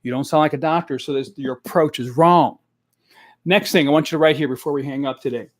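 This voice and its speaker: Direct, energetic male sales coach. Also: fairly high pitch, brisk, dry recording, clean studio sound. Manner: energetic, direct, coaching the audience with repeated phrases. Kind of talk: live-streamed coaching talk. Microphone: desk microphone.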